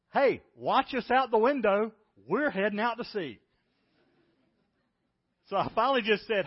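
A middle-aged man preaching a sermon as pastor, telling a personal story and moving between loud, excited bursts and hushed, tender lines. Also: high-pitched, brisk, husky, lo-fi sound.

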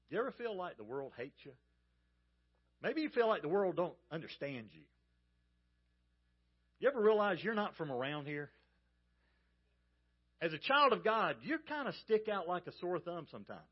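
A pastor from the American South with a Southern accent, preaching a sermon in a folksy storytelling manner and speaking straight to the congregation. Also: male voice, on the high side, sing-song, moderate pace, long pauses, husky, lo-fi sound. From Georgia, US South.

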